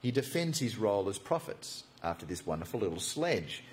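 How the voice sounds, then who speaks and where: A man preaching a sermon, animated and jokey, acting out the story. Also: fairly low pitch, brisk, a little hiss or hum. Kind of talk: expository sermon.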